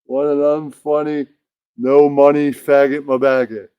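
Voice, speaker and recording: A man voicing a loudmouth heckler who spits rhyming insults in a puppet comedy skit. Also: a little high, level tone, a little slow, smooth, dry recording, highs cut off, natural voice. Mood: taunting. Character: brash loudmouth male heckler rapping insults.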